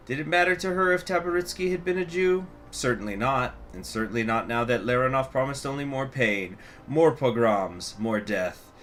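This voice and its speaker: Casual gaming host reading a story. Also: male voice, lowish voice, a bit bright, a little hiss or hum. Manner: casual, profane asides. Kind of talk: let's play with story reading.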